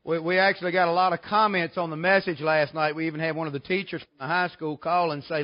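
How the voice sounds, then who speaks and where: A man, easygoing and quick to joke between points. His voice sits high for a man. The church recording is a little muffled and dull. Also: steady tone. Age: 40s. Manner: folksy, joking storyteller. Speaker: guest preacher. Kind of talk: revival sermon. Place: church sanctuary.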